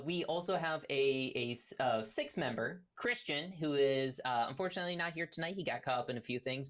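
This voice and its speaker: A woman with a lowish voice runs a tabletop game stream as game master. Her intonation swings widely, and she rambles along with fillers and restarts. It sounds like a home mic on a live stream. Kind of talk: casual stream talk.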